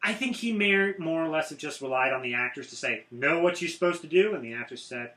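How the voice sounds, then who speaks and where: A man with a bright, forceful voice co-hosts a casual movie review. He trades sarcastic jabs as he talks. His voice sits a little high and echoes around the room. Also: expressive, brisk. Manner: sarcastic, mocking. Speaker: co-host of a movie review show. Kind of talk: casual chat.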